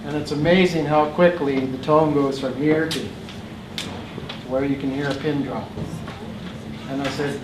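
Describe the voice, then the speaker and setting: A man emcees a community feast, speaking slowly and deliberately in a slightly high voice. His voice rings around a large hall, and faint background noise hangs under it. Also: steady tone. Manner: slow, storytelling delivery. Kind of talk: speaking to a crowd.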